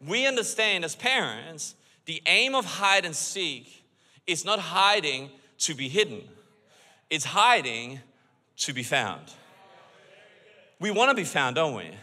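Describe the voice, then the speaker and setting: Animated pastor preaching in a big hall. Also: male voice, a little high, slow, pauses often. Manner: animated, joking and earnest by turns. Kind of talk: sermon. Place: church auditorium. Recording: long reverb of a large hall.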